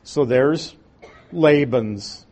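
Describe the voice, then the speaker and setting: A man's voice: medium pitch, drawn-out words, darkish tone. A man reading a scripture passage aloud and then explaining it verse by verse in a conversational teaching style, with folksy asides. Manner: homespun asides. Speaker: Bible teacher.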